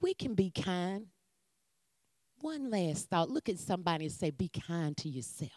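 A woman preacher, leading a sermon with call and response and swinging from loud calls to hushed whispers. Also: lowish voice, sing-song, normal speed, dry recording, clean studio sound.

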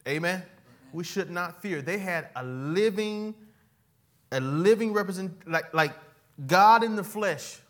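High, bright-voiced preaching man. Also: expressive, a little slow. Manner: fiery preaching that swings between loud cries and quiet, casual asides; folksy, talks straight to the congregation. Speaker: pastor. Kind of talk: sermon. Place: church.

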